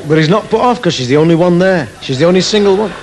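A man's voice: sits high, animated, quick pace, very noisy. A man doing stand-up comedy on a theatre stage, rambling through a story and laughing at his own jokes.

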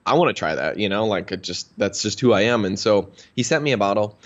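A man's voice: on the low side, fairly quick. A man in his thirties from Minnesota, a guest telling a story in a casual interview and acting out the dialogue. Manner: animated storyteller, acts out quoted dialogue. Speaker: interview guest, health practitioner. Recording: dull lo-fi sound.

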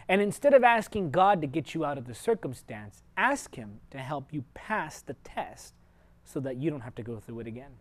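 A man preaching a televised sermon, speaking to viewers directly and personally, moving from loud emphatic points to quiet, confiding asides. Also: a little high, lively intonation, moderate pace. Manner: earnest, shifts sharply between loud emphasis and quiet asides.

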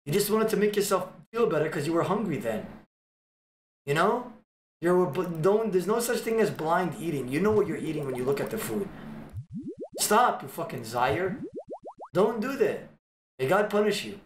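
A man livestreaming, joking with his chat in loud, swearing banter. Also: a little high, very animated, normal speed, pauses often, reverberant, slight background noise.

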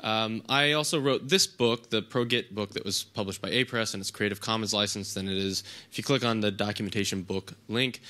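A man's voice: on the low side, sharp tone. A man in his thirties, a little sick with a nasal voice, giving a casual, hesitant lightning talk at a conference. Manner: hesitant, many ums and restarts. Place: conference room with audience.

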